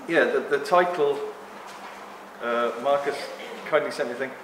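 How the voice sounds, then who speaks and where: A man giving a rambling, joking live talk to an audience, speaking loudly without a microphone. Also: medium pitch, normal speed. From Greek heritage. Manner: jokey, rambling, loud. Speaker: guest speaker. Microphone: no microphone, room recording. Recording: echoey room with background noise.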